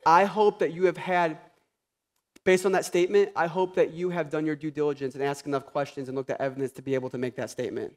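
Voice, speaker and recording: High-voiced pastor with a lilt. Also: male voice, fast talker. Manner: conversational and animated, with sarcastic humor; swings from quiet asides to loud passionate peaks. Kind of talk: sermon.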